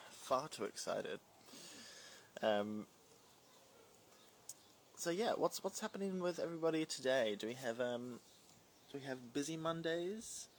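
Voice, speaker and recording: Gravelly-voiced New man chatting live. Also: medium pitch, expressive, unhurried, long pauses, slight background noise. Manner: chatty, rambling, reads viewer comments aloud. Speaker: livestream host. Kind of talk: casual live-stream chat. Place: at home. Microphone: phone livestream.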